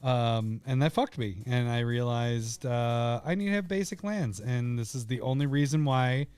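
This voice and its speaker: A man's voice: medium pitch, normal speed, a little mellow, clean tone, dry recording, faint music behind. A man co-hosting a podcast in casual chat, who rambles, laughs a lot and swears. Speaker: podcast co-host.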